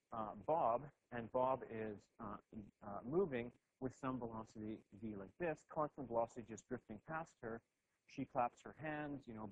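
Man lecturing physics, dull recording. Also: mid-range voice. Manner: thinks aloud, many restarts and "okay"s. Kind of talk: classroom lecture at a board.

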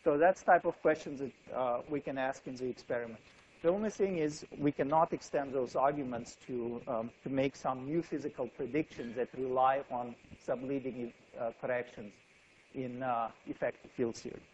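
A man's voice: mid-range voice, normal speed, a little mellow, muffled recording, a little hiss or hum. A man giving a university physics lecture, thinking aloud with frequent fillers and restarts.

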